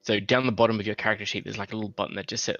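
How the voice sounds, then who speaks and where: Patient young game master. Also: male voice, lowish voice, little pitch movement, racing, a bit bright, dry recording. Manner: patient, instructive, hesitant. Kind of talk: explaining game software rules. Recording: slightly dull, faint music.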